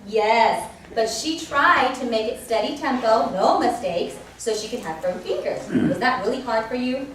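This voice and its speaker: A woman piano teacher speaking to children and parents at a recital, telling animated stories and acting out her students. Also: a little high, normal speed, hardly any pauses, a little hiss or hum. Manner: animated storytelling, acts out students. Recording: echoey room from far off.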